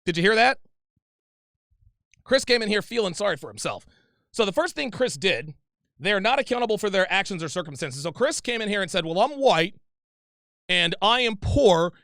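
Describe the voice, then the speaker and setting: A man's voice: sits high, sharp tone, dry recording, studio quality. A man hosting a livestream, reading viewer super chats and answering them in a heated, profane, confrontational rant, repeating himself often.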